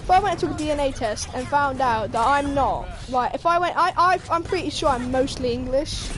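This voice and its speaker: High-voiced sweary woman streamer. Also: brisk. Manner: animated, sweary, laughs while reading aloud. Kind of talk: casual commentary while gaming.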